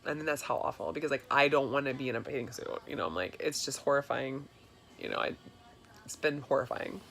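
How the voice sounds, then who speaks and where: Woman in her 30s rambling through a personal vlog update, gravelly creaky voice, lots of ums and likes. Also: extremely low pitch, brisk, fairly bright tone. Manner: chatty, confessional, lots of fillers. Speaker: vlogger. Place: home in Florida.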